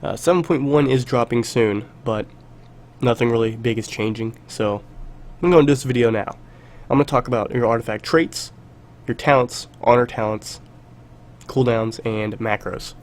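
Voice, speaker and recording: A man narrates a game tutorial in a relaxed, chatty voice-over. His voice is stuffy and nasal, as if he is holding his nose, because he has a cold. He sits at a mid pitch and stresses his points by repeating them. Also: normal speed. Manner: relaxed, chatty, emphatic repetitions. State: congested, stuffy nasal voice from illness. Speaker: game guide creator.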